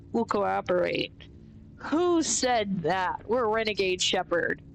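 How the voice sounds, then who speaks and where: A woman's voice: medium pitch, expressive, takes it slowly, gravelly, slight background noise, rough recording. A woman casually commentating a video game playthrough, thinking aloud with a stuffy nose. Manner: thinks aloud, rambling with fillers. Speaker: gaming streamer.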